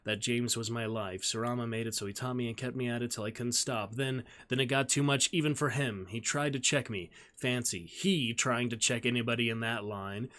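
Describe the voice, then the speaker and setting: A man voicing a dying, feverish male doctor who speaks haltingly, breaking off mid-phrase. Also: mid-range voice, fairly even intonation, fairly bright tone, natural voice. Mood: bitter.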